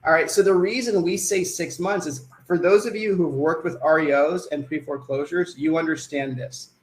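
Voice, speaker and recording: A man runs a sales presentation for a live online audience, often checking in with questions and then answering them himself. His voice sits a little high for a man, and the sound carries a noticeable room echo. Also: steady tone, moderate pace.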